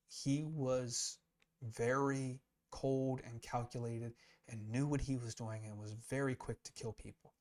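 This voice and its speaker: A man teaching Scripture in a casual, explanatory way, earnest and emphatic, often restarting mid-sentence as he thinks aloud. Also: mid-range voice. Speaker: Bible teacher.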